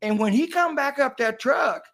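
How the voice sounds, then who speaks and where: A man's voice: extremely high pitch, lively intonation, moderate pace, gravelly, a bit bright. An older man chiming in on a shared hunting story in casual chat, folksy and rural, laughing and cursing freely.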